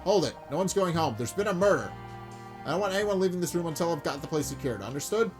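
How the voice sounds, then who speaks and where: A man voicing a gruff, bossy male police detective in a game, curt and commanding. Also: a little high, animated, fast, soft background music, close to an everyday voice.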